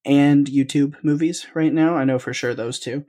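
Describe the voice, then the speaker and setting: A woman co-hosting a podcast in casual chat, relaxed and quick to laugh as she introduces the next segment. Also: sits low. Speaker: podcast co-host.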